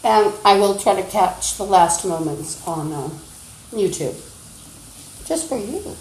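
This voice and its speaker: A woman's voice: medium pitch, lively intonation, slow pace, darkish tone, roomy sound, slight background noise, poor audio. A woman livestreaming, ranting in an agitated, insulting, accusatory way into a phone. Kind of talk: rambling livestream rant.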